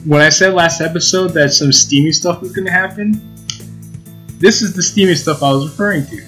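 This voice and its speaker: A man's voice: on the high side, brisk, bright, forceful tone, soft background music, low-quality recording. A young man hosting a let's play, reading visual novel text aloud with casual, giggly asides.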